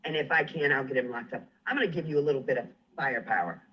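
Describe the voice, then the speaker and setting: A man's voice: medium pitch, fast, husky. A man on a livestream, ranting furiously and threatening someone, swearing and refusing to back down. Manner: furious, threatening, profane, defiant. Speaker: livestream guest. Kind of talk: angry livestream rant. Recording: muffled livestream audio.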